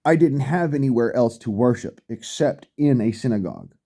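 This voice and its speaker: Middle-aged man, very dark, mellow tone, blunt and profane, ranting in a vlog. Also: mid-range voice, expressive, moderate pace, vocal fry. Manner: blunt, heavy swearing, repeats himself for emphasis. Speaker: vlogger. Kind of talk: profane rant.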